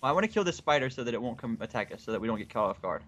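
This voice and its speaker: A young man co-hosting a video game let's play, excitable and prone to yelps and shouts of alarm. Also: mid-range voice, very fast, slight background noise. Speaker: co-host gamer.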